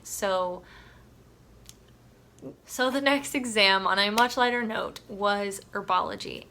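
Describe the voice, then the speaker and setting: A woman chatting casually in a book review vlog, animated and emphatic. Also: medium pitch.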